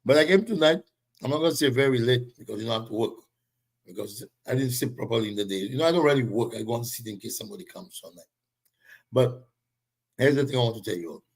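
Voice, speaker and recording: A man's voice: medium pitch, fast talker, breathy edge. A man hosting a live political commentary show, talking in a heated, emphatic way and greeting viewers by name.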